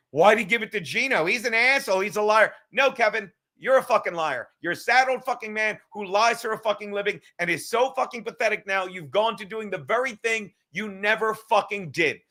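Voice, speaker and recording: High, bright-voiced man ranting profanely. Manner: profane, combative, mocking. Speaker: livestream host. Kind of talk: ranting livestream commentary.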